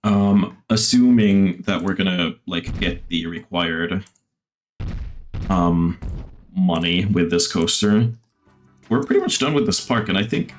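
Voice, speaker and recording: Low-voiced man rambling over gameplay. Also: slow, faint music behind. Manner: rambling, many fillers, swears at the game. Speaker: gaming streamer. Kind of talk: casual gameplay commentary. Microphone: desktop mic.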